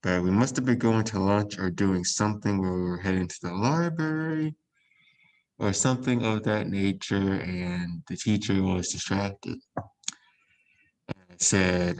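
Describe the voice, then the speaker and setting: Low-voiced easygoing man. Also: low-quality recording. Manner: relaxed, easygoing, fond of quick agreeing murmurs. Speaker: podcast co-host. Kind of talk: casual chat.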